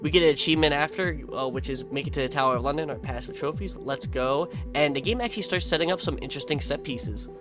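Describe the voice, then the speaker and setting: A man's voice: fairly high pitch, fast, few pauses, loud music behind the voice. A man giving a casual, laid-back voice-over of his own gameplay, swearing freely and adding sarcastic asides. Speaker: gaming video creator.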